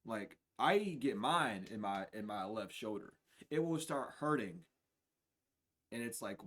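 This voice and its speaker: A man giving a spiritual reading on a livestream in a casual, profane way, dropping to low mutters and then bursting out loud and laughing. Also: animated, a little slow. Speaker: spiritual reader.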